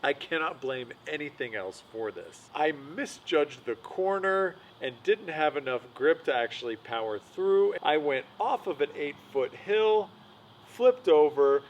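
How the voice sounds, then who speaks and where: A man's voice: mid-range voice, a little hiss or hum, rough recording. Casual, self-mocking male vlogger narrating. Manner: casual, self-deprecating, frank. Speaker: vlogger, host of the show. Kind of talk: storytelling voice-over narration.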